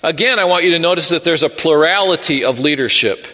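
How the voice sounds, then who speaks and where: A middle-aged man, a pastor, preaching an earnest sermon with measured pauses and personal stories. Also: fairly high pitch, expressive, sharp tone. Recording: long reverb of a large hall.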